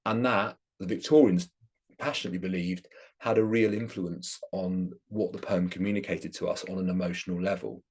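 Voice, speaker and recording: A man's voice: low-pitched, steady tone, brisk, darkish tone, slightly rough. A man giving an academic lecture, explaining his subject with enthusiasm.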